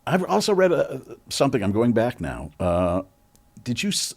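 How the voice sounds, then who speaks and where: A man hosting an interview podcast, gently prompting his guest and affirming her answers. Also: medium pitch, very animated, normal speed, gravelly, breathy edge. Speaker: podcast host. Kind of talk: interview questions.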